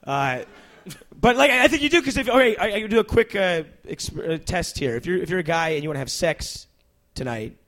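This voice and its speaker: A young man doing stand-up comedy, then chatting as a talk show guest, rambling and interrupting himself with animated bursts. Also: high voice, brisk. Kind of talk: stand-up set then casual chat.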